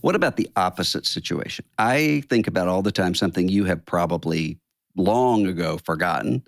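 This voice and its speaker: Low-voiced earnest male podcast host. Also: animated, normal speed, vocal fry, no echo, studio quality. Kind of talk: reflective interview conversation.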